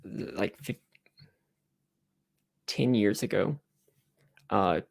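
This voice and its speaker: Slow, gravelly male game master. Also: on the low side. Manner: halting, with many fillers and restarts. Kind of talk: narrating a tabletop game.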